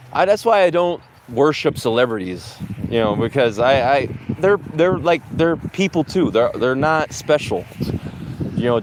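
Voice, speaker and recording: A man's voice: medium pitch, slight background noise. A man hosting a casual podcast while out on a walk, rambling, swearing and laughing often. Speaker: podcast host. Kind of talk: casual chat while walking outdoors.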